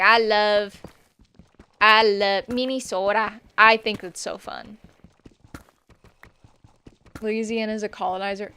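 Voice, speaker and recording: A woman streamer rambles casually to her viewers as she plays. Her voice is bright and forward, with a gravelly fry running through it. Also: mid-range voice. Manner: rambling, chatting with viewers while playing. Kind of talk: casual gaming chat.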